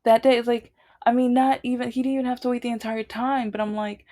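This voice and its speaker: A woman's voice: fairly high pitch, steady tone, quick pace, mellow. A woman vlogger telling a long personal grievance story in a casual, rambling way, with many restarts.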